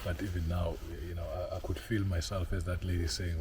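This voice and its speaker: A man outdoors in a forest, telling a personal story in an earnest, halting way, repeating words as he searches for them. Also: sits low, flat delivery, noisy background. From South Africa.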